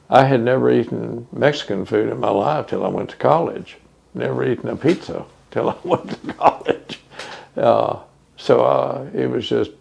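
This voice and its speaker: An older man from Texas, recalling his hometown in an oral history interview, unhurried and full of fillers. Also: mid-range voice, vocal fry, a little mellow, slightly rough. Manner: reminiscing, unhurried with many fillers.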